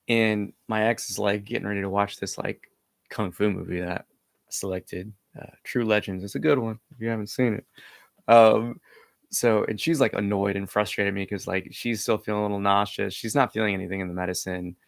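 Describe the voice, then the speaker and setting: Young male storyteller, casual and meandering, husky fry, dry close sound. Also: lowish voice, fairly even intonation, normal speed, fairly bright tone, dry recording. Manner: rambling, heavy filler words, hesitant restarts. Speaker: vlogger.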